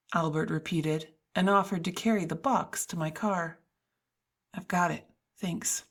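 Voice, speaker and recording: A woman narrating a first-person audiobook in a wry, self-mocking storytelling manner. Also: medium pitch.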